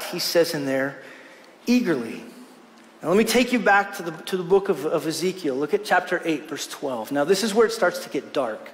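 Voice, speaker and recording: Male pastor, middle-aged, high voice, earnest sermon delivery, long church reverb. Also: fairly bright tone. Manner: earnest, slows down to stress scripture. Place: church hall.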